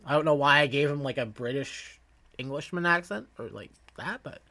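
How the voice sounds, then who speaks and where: A man's voice: mid-range voice, sharp tone. A man streaming a game, chatting casually with fillers and restarts and joking about his own reading. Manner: halting, full of fillers and restarts; self-mocking, laughs at his own reading. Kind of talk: casual game commentary and reading dialogue aloud.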